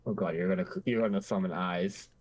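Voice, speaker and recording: A man's voice: low-pitched, steady tone, fairly quick, a little mellow, no echo. A man chatting dryly and offhandedly with friends during a game stream. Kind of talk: casual gaming voice chat.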